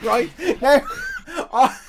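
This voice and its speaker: Male co-host, storyteller type, animated and giggly. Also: very high-pitched, very slow, a little hiss or hum. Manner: animated, laughing anecdote-teller who acts out quotes. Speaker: podcast co-host. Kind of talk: casual storytelling chat.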